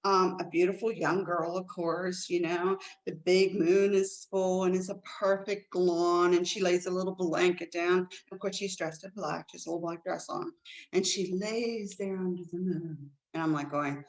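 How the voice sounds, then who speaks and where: A woman co-hosting a casual chat show, telling stories in an animated way with big jumps in pitch. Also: normal speed, low-quality recording. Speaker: co-host.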